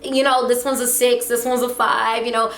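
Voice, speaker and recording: A young woman vlogger telling a casual storytime, animated and slangy, acting out what people said. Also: fairly high pitch, moderate pace. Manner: animated, slangy, acts out quotes. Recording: echoey room with faint ambience.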